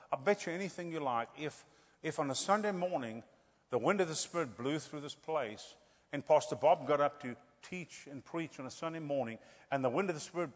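Man, middle-aged, high-pitched revival preacher; loud swells, quiet asides; long church-hall reverb. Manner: lively, swings between loud declarations and quiet asides, jokey. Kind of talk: revival sermon.

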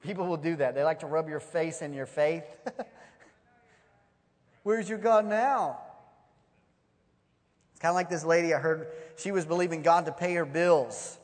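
High-voiced preacher in a big echoing hall. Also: male voice, brisk, few pauses. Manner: animated storytelling, acts out voices. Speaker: pastor. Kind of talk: sermon. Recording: long hall reverb.

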